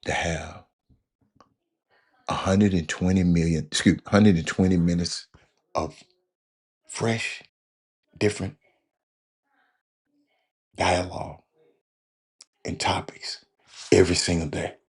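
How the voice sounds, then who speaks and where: A man hosting a casual talk show, rambling and stammering through comments with loud exclamations. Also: low voice, fairly even intonation, slow, pauses often, breathy edge.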